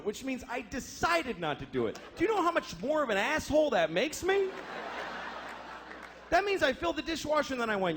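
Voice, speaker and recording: Lively, profane male stand-up comedian. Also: extremely high pitch, moderate pace, pauses often, background noise. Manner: profane, exasperated storytelling. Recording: live show with audience laughter. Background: crowd laughter.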